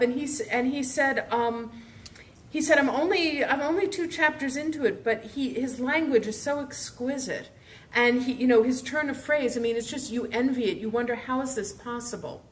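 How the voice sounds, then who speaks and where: Woman author, lively anecdote-teller at a live event, slightly high pitch. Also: moderate pace. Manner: animated, laughing, acts out her own gushing fan voice. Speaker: author panelist. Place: event room.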